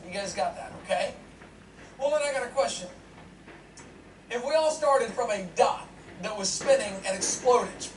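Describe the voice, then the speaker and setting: A man giving a humorous lecture to an audience, animated and joking, often asking the crowd questions. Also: high-pitched. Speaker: seminar speaker. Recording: echoey hall, distant mic, noisy.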